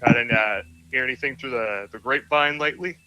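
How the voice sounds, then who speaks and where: A man's voice: medium pitch, fast, pushed and bright, smooth, soft background music, low-quality recording. A man playing a tabletop game, talking hesitantly with stammered restarts. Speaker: player. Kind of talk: tabletop role-play, casual.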